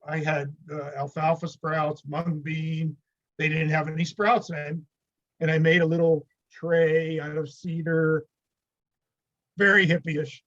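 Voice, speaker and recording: A man's voice: a little high, flat delivery, unhurried, a bit bright, highs cut off. An older man from the United States, a podcast guest, telling rambling anecdotes with chuckles in a casual interview.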